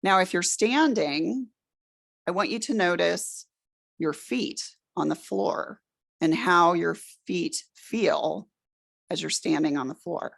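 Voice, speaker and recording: A middle-aged woman leading a room through a guided relaxation exercise, giving slow, soothing instructions. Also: on the low side, gravelly. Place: presentation room with an audience.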